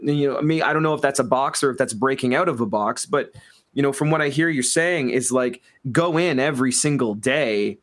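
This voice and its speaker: Male podcast host, medium pitch, enthusiastic, circles around his point. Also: brisk, a bit bright. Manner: earnest, rambling, many restarts. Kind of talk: casual interview chat.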